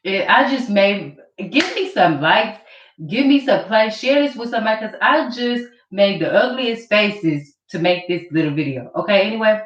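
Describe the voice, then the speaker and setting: A woman's voice: mid-range voice, expressive, normal speed. A woman vlogger ranting to camera in an accusatory, mocking way, repeating her points. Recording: roomy, distant, dull camera audio.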